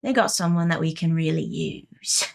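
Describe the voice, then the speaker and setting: A woman voicing the deep dark, a smug, sinister entity, in a tabletop game. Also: moderate pace, gravelly. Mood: coaxing. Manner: mocking, condescending.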